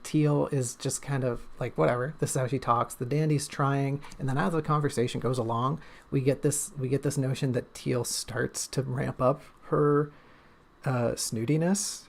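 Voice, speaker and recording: A man's voice: medium pitch, creaky. A man, an author and streamer, chatting casually on a livestream in a rambling, joking, self-deprecating way.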